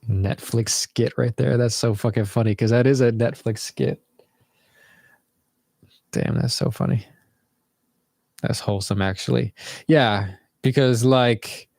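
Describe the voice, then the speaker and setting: A man's voice: on the low side, unhurried, vocal fry, long pauses, no echo, studio quality. A young man telling a rambling, casual story to viewers from his bedroom, swearing freely as he goes. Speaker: vlogger.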